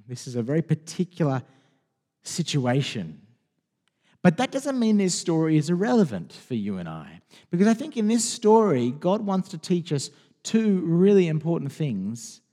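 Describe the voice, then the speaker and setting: Man, pastor, sermon, conversational with restarts, very animated pitch, long church reverb. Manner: conversational and expressive, with frequent restarts. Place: church hall.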